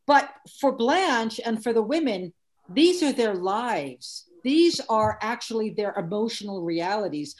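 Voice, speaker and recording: A woman's voice: a little high, animated, a little slow, slight background noise. Earnest woman discussing a play. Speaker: play reading participant. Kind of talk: casual literary discussion.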